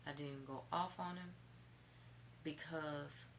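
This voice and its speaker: A woman vlogger candidly telling a personal story to her viewers, animated and sassy, with casual swearing. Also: low voice, takes it slowly, a little hiss or hum. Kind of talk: storytime vlog.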